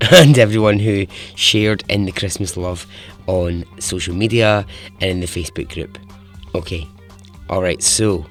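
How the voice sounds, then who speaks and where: Man, podcast host, casual storytelling, deeper voice, chuckles a lot. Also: no room sound. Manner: chatty and informal, chuckles often, swears casually.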